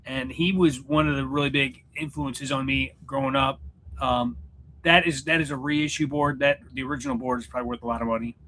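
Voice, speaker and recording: Sitting at home before a mirror, a livestream host from Missouri, USA, in his 40s rambles casually and makes jokes about himself. His mid-range voice is fairly even and fairly quick, pushed and bright, with a little hiss or hum.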